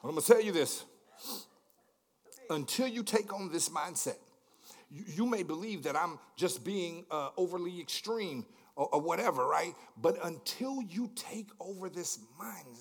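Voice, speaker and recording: A man preaching a sermon, repeating words in stammering restarts, asking the congregation questions and swinging from hushed lines to shouted climaxes. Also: high-pitched, expressive, unhurried. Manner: repetitive stammering restarts, call-and-response questions. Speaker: pastor.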